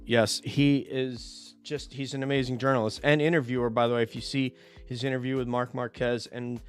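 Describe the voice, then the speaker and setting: A man's voice: mid-range voice, flat delivery, moderate pace, clear, resonant tone. A man hosting a casual motorcycle chat show, talking with enthusiasm and rambling a little as he sets up questions. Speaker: podcast host.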